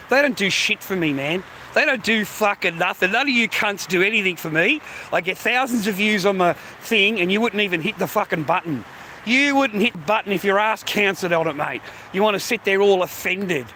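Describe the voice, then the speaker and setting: On a casual livestream, an Australian man gripes and curses at his viewers, laughing often. His voice is bright, forceful, and high for a man, with a faint hiss running beneath it.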